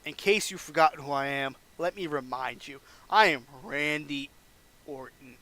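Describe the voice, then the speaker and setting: A man's voice: on the high side, moderate pace, pushed and bright. A man voicing a cocky young male wrestler cutting a smug, taunting promo in a wrestling game playthrough.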